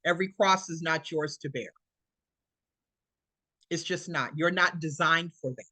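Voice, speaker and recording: A woman's voice: deep voice, measured pace, pushed and bright, no echo. A woman around sixty giving a motivational talk over a video call as presenter, emphatic and preacherly, repeating her points.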